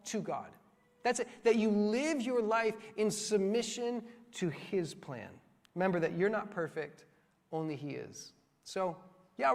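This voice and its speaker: A young man preaches with a high, bright voice, bouncing between earnest points and playful asides. His words ring out with a long reverb through a church hall. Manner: animated, joking preaching with quick asides. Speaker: pastor. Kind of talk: sermon. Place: church sanctuary.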